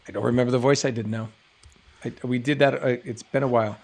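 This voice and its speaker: A man's voice: medium pitch, steady tone, quick pace, darkish tone. A middle-aged man from New England hosting a live stream, reading chat questions aloud and rambling through jokey answers.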